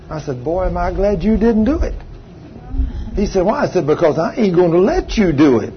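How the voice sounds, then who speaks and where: An older man preaching a sermon, telling a testimony with emphatic, drawn-out phrases. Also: high voice, big pitch swings, slightly rough. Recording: slightly dull sound, faint background hum.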